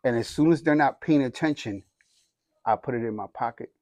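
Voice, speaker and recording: A man in his forties tells his life story in a casual, animated way. He slips into streetwise slang and acts out each voice in the story. The sound is close and dry, with no room behind it. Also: mid-range voice, fairly quick, no echo. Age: 40s. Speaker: guest sharing his testimony.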